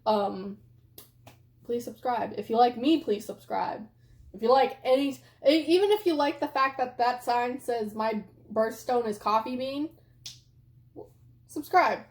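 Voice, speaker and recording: A young woman with a slightly high voice talks through a casual makeup review at home. She rambles and chats, dropping filler likes throughout. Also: moderate pace, few pauses, a little mellow. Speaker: beauty vlogger. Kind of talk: casual product review chat.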